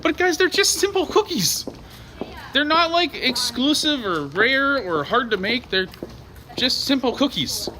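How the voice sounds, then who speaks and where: A man's voice: extremely high pitch, expressive, measured pace, sharp tone. A young man vlogging casually while out and about, joking and rambling in a chatty way. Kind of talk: casual vlog chat.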